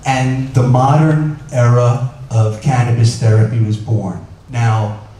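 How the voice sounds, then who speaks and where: A man's voice: mid-range voice, fairly even intonation, takes it slowly, mellow. A man giving an informal lecture as a doctor, talking conversationally with many fillers and putting questions to his audience. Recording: echoey room picked up from a distance.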